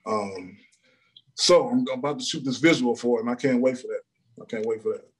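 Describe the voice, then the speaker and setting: A man from Illinois, an R&B singer, chatting casually as an interview guest over a video call, relaxed with lots of fillers and laughter. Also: medium pitch, a little fast, slightly rough. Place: room in a cousin's house.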